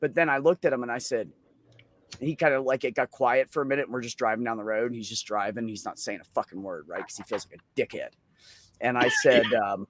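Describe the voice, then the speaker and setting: A man telling a funny story in a casual, profane, animated way at an open mic. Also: mid-range voice, fast.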